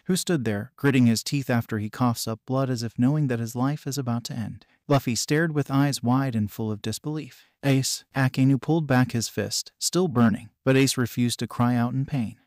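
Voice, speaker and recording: A man narrating a fan fiction story in a steady, even reading style. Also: mid-range voice, moderate pace, few pauses, no room sound, studio quality.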